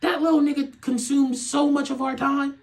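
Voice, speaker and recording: A young man hosting a podcast, ranting in a loose comedic way. He laughs often, swears freely and swings from loud outbursts to low muttering. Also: level tone, normal speed, poor audio. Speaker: podcast host. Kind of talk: casual comedic rant.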